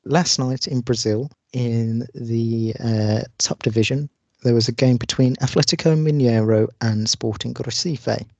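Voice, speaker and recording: Dry-voiced football podcast host. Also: male voice, medium pitch, fairly even intonation, unhurried, creaky, darkish tone, dry recording. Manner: reads news with frequent hesitant fillers. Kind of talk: football podcast news roundup.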